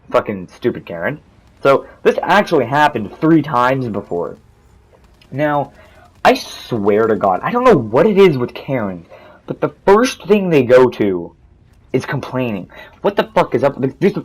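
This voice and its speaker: A man's voice: mid-range voice, poor audio. Swearing young man ranting a storytime. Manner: angry, rambling, swears constantly, many restarts. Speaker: vlogger. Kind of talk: profane casual storytime rant.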